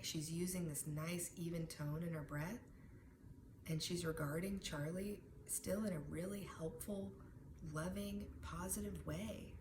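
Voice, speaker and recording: Low-voiced woman teaching calming techniques. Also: unhurried. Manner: warm, conversational, often asks "right?". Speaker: wellness educator. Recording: echoey room with background noise.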